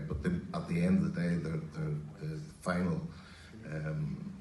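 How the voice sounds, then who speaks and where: A fifty-year-old man speaks on a conference panel with a low voice, halting and restarting as he thinks. He is picked up from a distance in an echoey hall. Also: level tone, dark tone, a little hiss or hum. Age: 50s. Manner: hesitant, with many restarts and fillers.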